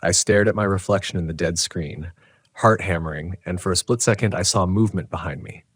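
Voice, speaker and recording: A man narrating a scripted horror story in a measured, tense way. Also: deep voice, slightly rough, no room sound.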